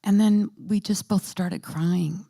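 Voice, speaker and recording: A woman in her fifties or sixties giving a personal testimony at a church, halting and soft-spoken, with many pauses and fillers. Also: medium pitch, steady tone, vocal fry. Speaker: church panel speaker.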